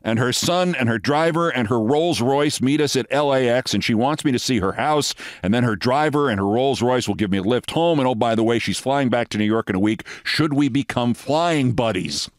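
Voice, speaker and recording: A man's voice: mid-range voice, moderate pace, few pauses, no room sound. Older male host telling a story, dry sound. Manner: lively storyteller, acts out quoted dialogue. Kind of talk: storytelling anecdote.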